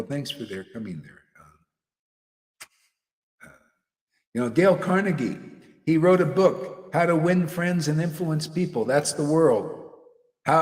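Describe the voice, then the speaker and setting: A man preaches in a loose, conversational way, his pitch swinging widely as he jokes, laughs and drops slang. His voice rings out with a long hall reverb behind it. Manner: animated, slangy, laughs often. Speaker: spiritual teacher. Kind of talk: casual devotional talk.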